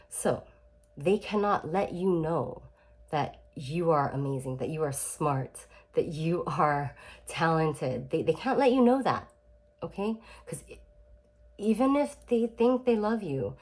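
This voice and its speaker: A woman's voice: low-pitched, darkish tone. A young adult woman talking casually to camera about healing, chatty and emphatic, with many fillers and restarts and the odd swear word. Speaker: self-help vlogger.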